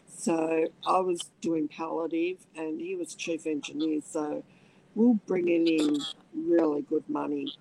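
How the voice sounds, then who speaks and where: Aussie woman in her middle years telling her story, slow and gravelly, keeps restarting, bit of hiss in the background. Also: on the low side, dark tone, poor audio. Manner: halting, many restarts, acts out voices in quotes. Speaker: interviewee. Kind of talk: personal storytelling.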